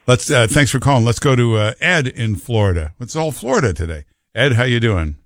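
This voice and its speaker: A man's voice: mid-range voice, expressive, a little fast, no echo. A man hosting a call-in radio show, talking emphatically and teasing callers and his co-host. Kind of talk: call-in talk radio chat. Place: radio studio.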